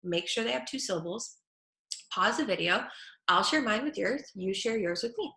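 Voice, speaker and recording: A woman speech therapist teaching children at home, saying each word slowly and clearly. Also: mid-range voice, expressive, bright, forceful tone. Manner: slow, clear over-articulation of words. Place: her home kitchen. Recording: echoey room.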